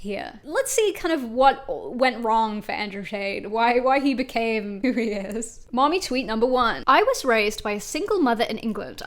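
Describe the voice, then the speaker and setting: A woman's voice: on the high side, fairly bright tone. A woman YouTube commentator reading tweets aloud with wry, sarcastic, self-mocking comedy.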